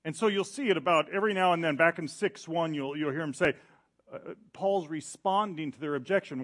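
A middle-aged male pastor preaching a sermon in an animated way, acting out quoted voices. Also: a little high, moderate pace.

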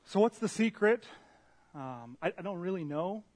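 Guy preaching in church, kinda high voice, lively story, jokes at his own expense. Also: normal speed. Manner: animated, self-deprecating storyteller. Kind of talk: storytelling sermon. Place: church meeting room with a slide screen.

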